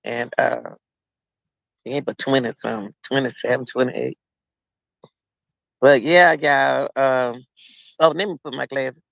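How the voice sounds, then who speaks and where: A man's voice: medium pitch, steady tone, measured pace, gravelly, long pauses, fairly bright tone, no echo. A middle-aged man hosting a casual livestream, rambling and chatting directly to his viewers. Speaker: livestream host.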